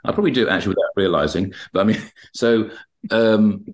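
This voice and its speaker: A man with a fairly low voice, talking as a hypnotherapist on a podcast. He rambles through anecdotes about his clients and slips into their voices and his own replies as he retells each session. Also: fast. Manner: rambling, acts out dialogue when retelling sessions. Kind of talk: podcast interview, anecdotal storytelling.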